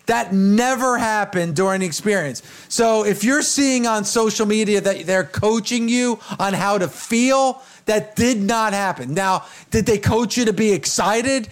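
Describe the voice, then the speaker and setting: A man's voice: sits high, a little slow. A man co-hosting a casual talk show, telling an emphatic first-hand story and acting out what others said. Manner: emphatic storyteller, acts out quotes. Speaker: co-host. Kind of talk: casual chat.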